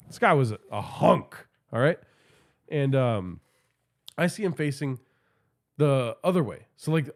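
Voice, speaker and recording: A man's voice: fairly high pitch, darkish tone. A man hosting a podcast, telling a rambling, profane comic story and often asking the listener. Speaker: podcast host. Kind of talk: comedic storytelling monologue.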